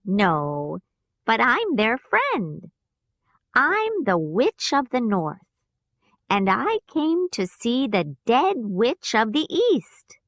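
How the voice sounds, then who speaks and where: A gentle good witch from a storybook, read by a woman with an American accent. She speaks slowly and soothingly, her pitch rising and falling. The recording is dry and close. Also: wildly swooping pitch, dry recording, full character voice.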